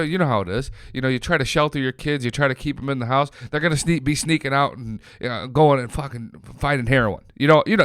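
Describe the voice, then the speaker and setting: A man in his late twenties hosts a sports podcast, chatting loosely and swearing freely as he tells a story. His voice is smooth and clear at a middling pitch. It is recorded dry and close, with no room around it. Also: fairly bright tone, no echo. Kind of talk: casual sports chat.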